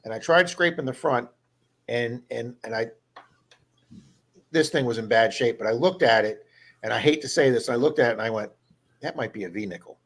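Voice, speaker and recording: A man's voice: mid-range voice, moderate pace, pauses often, a bit bright. A man hosting a casual live stream, telling long stories and acting out the people he met. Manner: rambling storyteller, acts out quoted people. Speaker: live stream host, metal detectorist.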